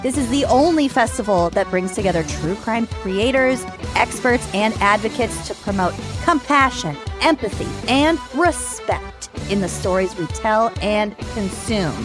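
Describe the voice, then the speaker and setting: A woman's voice: mid-range voice, lively intonation, measured pace, hardly any pauses, over music. A woman co-hosting a podcast, reading sponsor spots and chatting casually. She sounds enthusiastic and blunt. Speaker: podcast co-host. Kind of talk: casual chat and sponsor reads.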